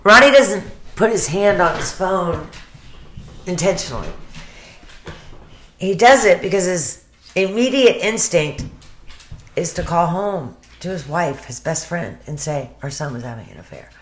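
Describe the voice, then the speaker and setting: Low-voiced chatty woman in echoey room. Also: expressive, measured pace, pauses often, slight background noise. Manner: chatty, emotional, swears. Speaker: commentator. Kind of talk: casual commentary.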